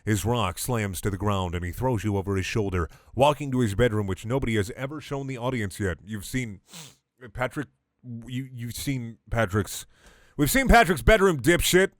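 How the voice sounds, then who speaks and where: A man's voice: lowish voice, moderate pace, dry recording, clean studio sound. A young man doing a comedic dramatic reading of fan fiction, breaking off into exasperated, sarcastic, sweary rants. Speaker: online comedy reader.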